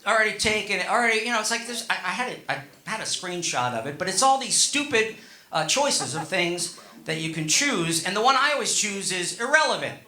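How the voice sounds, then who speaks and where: A middle-aged man does a stand-up set, rambling conversationally and teasing the audience. His voice is high and very bright. He is on a stage mic in an echoey room. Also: sing-song, a little fast. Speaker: stand-up comedian. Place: comedy stage.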